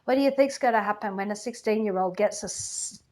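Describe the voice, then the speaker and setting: A woman's voice: medium pitch, brisk, darkish tone, close to an everyday voice. A woman playing a flippant, gossipy goddess queen of the underworld in a chatty comic monologue full of "like" and "you know".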